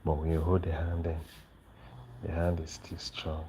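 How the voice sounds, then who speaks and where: A tired man chats quietly with his viewers late at night while holding his baby. His voice is very low and mellow, with a gravelly edge. He speaks unhurried and weary, and a faint background hum sits behind him. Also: monotone, poor audio. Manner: soft-spoken, slow and weary, talking to viewers and his baby. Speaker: vlogger father live streaming. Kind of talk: casual late-night livestream chat. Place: home at night.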